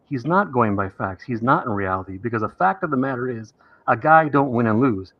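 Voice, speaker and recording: An aggrieved man argues on a live stream, lecturing and indignant. His pitch swings widely and his voice is a little husky. The audio is dull and lo-fi. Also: animated, brisk. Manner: aggrieved, lecturing, imitates others in higher voice. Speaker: caller on a streamed talk show. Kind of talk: heated debate on a live stream.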